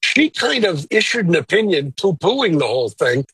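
Husky-voiced man, blunt legal opinions. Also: fairly high pitch, big pitch swings, normal speed, a bit bright, dry recording, rough recording. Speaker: lawyer guest. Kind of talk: interview answers.

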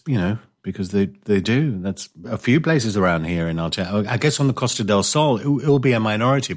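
A man hosting a casual chat show, telling rambling stories with jokey, self-mocking asides and reading out listener messages. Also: lowish voice. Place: indoors, living in coastal Spain.

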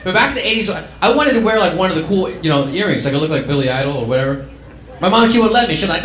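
A man doing stand-up comedy, telling a story in a casual, quick way. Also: high voice, expressive, fairly bright tone. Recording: echoey room with background noise.

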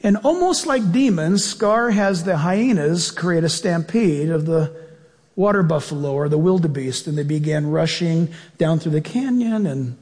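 Brief: earnest male pastor, high voice, slow deliberate preaching, long hall echo. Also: lively intonation, darkish tone. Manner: earnest, drawn-out preaching with prayer. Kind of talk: sermon.

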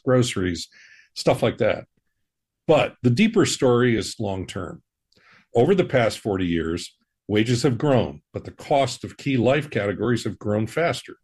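Male finance host, husky and animated, steady reassuring delivery. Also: mid-range voice, normal speed. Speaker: financial advisor, podcast host. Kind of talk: scripted personal-finance talk.

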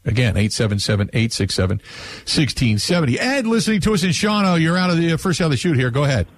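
Husky-voiced male sports radio host. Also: a little high, sing-song, fast talker. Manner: rambling, many fillers and restarts. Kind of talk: call-in sports radio talk. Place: radio studio.

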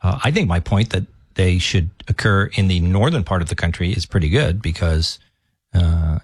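A man's voice: sits low, no room sound, clean studio sound. A man guest-hosting a talk radio show, rambling and correcting himself as he reads listener comments. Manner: rambling, self-correcting, folksy.

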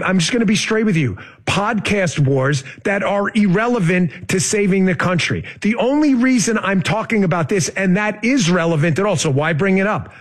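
Middle-aged guy ranting on his podcast, high voice, keeps saying folks. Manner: urgent, emphatic, addresses listeners as folks. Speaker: podcast host. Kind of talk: political commentary monologue.

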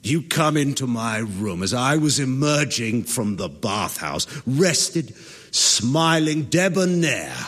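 A man's voice: medium pitch, a bit bright, breathy edge. A capricious young medieval king. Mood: wistful. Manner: teasing, petulant, swings between wistful and mocking. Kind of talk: radio drama acting. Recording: long reverb.

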